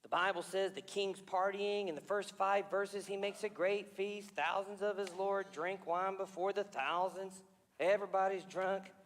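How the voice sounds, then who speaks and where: A man preaching in a church with a high, bright voice, retelling scripture in an animated way. Personal confessions and questions to the congregation break into the story. His words echo through a large sanctuary with long reverb. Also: normal speed. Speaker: pastor. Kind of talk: sermon.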